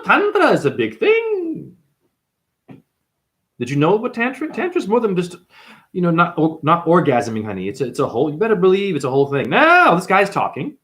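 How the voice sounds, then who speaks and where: A man giving a confrontational, preachy monologue as a spiritual teacher, calling the listener honey. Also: a little high. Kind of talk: ranting monologue.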